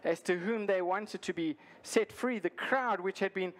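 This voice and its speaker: A male pastor preaching a sermon, earnest and deliberate, repeating his key lines for emphasis. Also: high-pitched.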